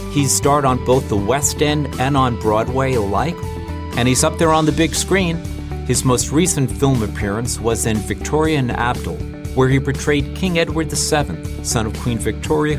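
Male host, upbeat promo read, medium pitch, music bed underneath. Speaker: podcast host and interviewer. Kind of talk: scripted introduction and interview.

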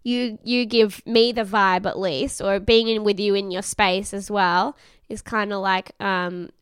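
A woman's voice: medium pitch, steady tone, a little slow, smooth, no echo, clean studio sound. A woman co-hosting a casual podcast chat, swearing freely and acting out quotes as she recaps a show. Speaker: podcast co-host.

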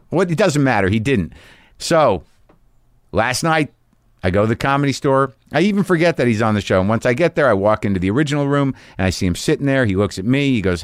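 A man's voice: medium pitch, no echo, studio quality. A middle-aged man hosting a podcast, telling a rambling, profane, self-mocking story in a casual monologue. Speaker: podcast host.

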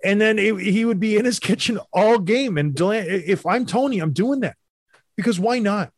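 A former player hosting a sports talk show, firing off opinions in quick, animated bursts. His voice sits a little high. The sound is dry and close, with no room around it. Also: dry recording. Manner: animated, opinionated, fast rants. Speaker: podcast host, former hockey player. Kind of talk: casual sports chat.

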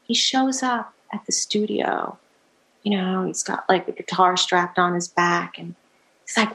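A middle-aged woman musician, a guest telling stories in a casual interview, animated and laughing often as she acts out what people said. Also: medium pitch, normal speed.

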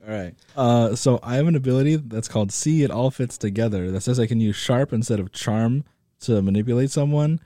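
A man's voice: medium pitch, brisk, dark tone, no room sound, clean studio sound. A man playing a tabletop game, hesitant and thinking aloud about the rules. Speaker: player.

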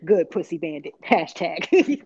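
A woman's voice: lowish voice, very animated, unhurried, a little mellow, husky. A woman in casual podcast chat, talking candidly and profanely, rambling with lots of slang and filler words. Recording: muffled lo-fi recording.

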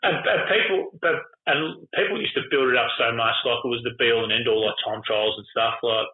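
A middle-aged Australian man rambles through sweary footy stories in an easy podcast chat, slipping into quick imitations of teammates and coaches. His mid-range voice comes through thin and phone-like, with a noticeable echo of the room around him. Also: mid-range voice. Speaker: former footballer guest. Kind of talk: casual podcast storytelling.

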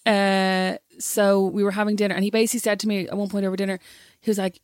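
A young Irish woman telling a story in casual chat, animated and swearing freely. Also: medium pitch, fast, no room sound, studio quality. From Ireland.

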